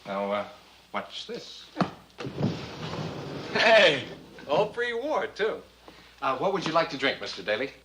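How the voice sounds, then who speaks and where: A man's voice: on the high side, very animated, slow pace, pauses often, pushed and bright, full character voice. A man playing a nervous young man who stammers politely while serving drinks, in 1950s film acting. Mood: hesitant. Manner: hesitant, stammering. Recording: old film soundtrack with hiss.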